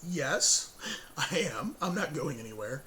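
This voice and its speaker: Hoarse man rambling on his own show. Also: a little high, big pitch swings, a little slow, bright, forceful tone, slight background noise. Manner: rambling, with frequent fillers and self-corrections; chuckles between sentences. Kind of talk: casual spoken update.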